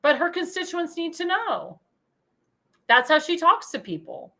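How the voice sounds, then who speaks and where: High, bright-voiced indignant woman host. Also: sing-song, measured pace. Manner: indignant, emphatic, repeats phrases for emphasis. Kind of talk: political commentary show monologue.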